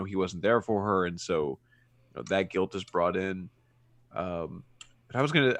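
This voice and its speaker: A man co-hosting a podcast, talking casually about movies and searching for words as he goes, getting animated when something puzzles him. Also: deep voice, no room sound. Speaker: podcast co-host.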